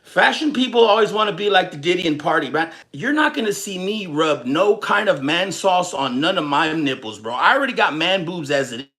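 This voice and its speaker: Animated, rambling streamer man from Texas. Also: high-pitched, fairly quick, few pauses. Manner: rambling, profane, animated, jokes and chats with viewers. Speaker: livestream host. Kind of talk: casual livestream rant.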